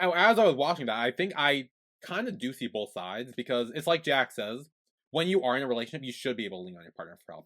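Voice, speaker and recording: A young man co-hosting a podcast in casual chat, retelling plot and quoting the characters in a low, soft voice. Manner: relaxed storyteller, quotes the characters in a low soft voice. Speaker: podcast co-host.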